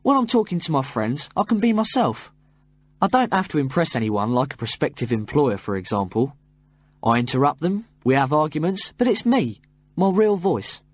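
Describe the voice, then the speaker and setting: Guy reading a textbook passage out loud, voice a bit high, bounces up and down a lot, dry slightly muffled recording. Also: animated, moderate pace, dry recording. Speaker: textbook audio reader. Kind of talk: scripted first-person reading.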